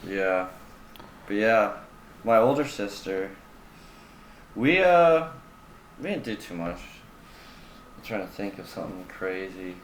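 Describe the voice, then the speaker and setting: A young man with a lowish voice, chatting casually and rambling through family stories. He swears freely and fills his talk with "like". The room has a roomy echo with a faint hiss underneath. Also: very animated, slow, pauses often. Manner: rambling, loose storytelling with lots of fillers and swearing. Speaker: podcast co-host. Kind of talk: casual chat. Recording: echoey room, faint room noise.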